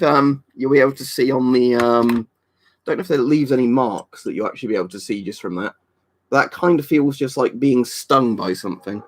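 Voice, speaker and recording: English male streamer, mid-pitched, offhand and rambling, casual viewer Q&A. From England. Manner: rambling and offhand, with many fillers and restarts. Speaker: livestream host. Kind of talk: casual live-stream chat answering viewer comments.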